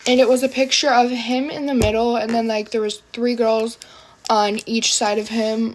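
Chatty higher-voiced woman telling a story. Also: level tone, normal speed, slight background noise. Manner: chatty, full of fillers. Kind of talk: casual get-ready-with-me storytime.

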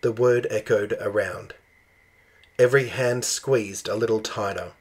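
A man reading a children's picture book aloud in a slow, expressive storytelling manner. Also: on the low side. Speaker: storybook reader.

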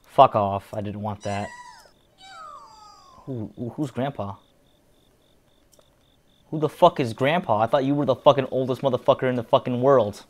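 A man's voice: medium pitch, moderate pace, pauses often. A young man casually commenting on gameplay, swearing and muttering at the game. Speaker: gamer, video host.

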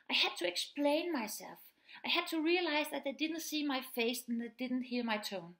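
Woman speaker, teacher, fairly high voice, earnest, explains plainly. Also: lively intonation, normal speed, fairly bright tone. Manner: earnest, explaining plainly, often acts out quoted speech. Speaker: teacher of pupils with autism. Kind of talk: spoken presentation.

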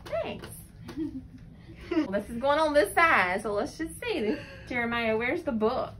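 A woman's voice: sits high, sing-song, a little slow, a bit bright, a little hiss or hum. A woman talking in sing-song, encouraging baby talk to a young child at home, in a home video. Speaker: caregiver mother.

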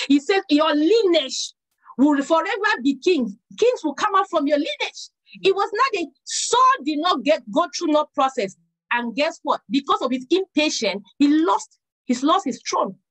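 A middle-aged woman preaching a sermon, telling a personal story with lively quoted dialogue. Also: high voice, rough recording.

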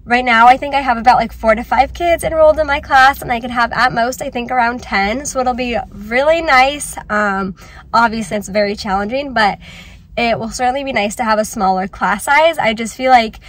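A young woman teacher chatting excitedly in a casual vlog, with many "like"s. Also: a little high, fairly quick. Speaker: teacher and vlogger.

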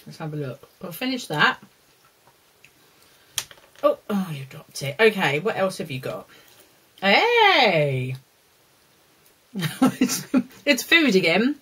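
A woman's voice: on the low side, sing-song, takes it slowly, long pauses, fairly bright tone, husky, poor audio. A woman presenting a children's lesson, talking fondly to a puppet and the viewers. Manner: talks fondly to a puppet dog and the children, with laughs and scolding.

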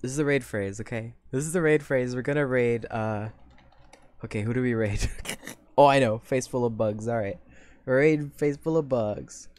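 A woman streaming a live reaction, talking to her chat, swearing casually and bursting into laughter and loud exclamations. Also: rumbling low, steady tone, moderate pace.

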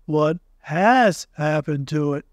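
Eeyore, a slow mournful donkey, read by a man. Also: fairly high pitch, lively intonation, no room sound, clean studio sound. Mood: gloomy. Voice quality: slow, heavy, mournful delivery. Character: gloomy old gray male donkey.

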